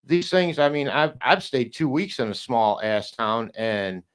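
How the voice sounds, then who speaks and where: A man of ordinary pitch chatting as a podcast guest. He rambles and circles back, stumbling over restarts. His talk is loose and blunt, with the odd swear. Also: expressive, fairly bright tone, smooth. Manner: rambling, halting, many restarts, swears and laughs. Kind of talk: casual podcast chat.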